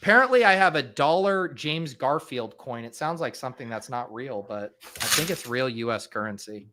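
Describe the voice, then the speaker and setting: A man's voice: medium pitch, lively intonation, normal speed, noisy background. A man hosting a casual fantasy football draft podcast, loose and self-mocking, swearing offhandedly. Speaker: podcast host.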